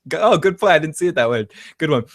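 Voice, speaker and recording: A man co-hosting a casual TV recap chat, animated, laughing often and acting out quotes. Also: on the high side, fast talker. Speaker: podcast co-host.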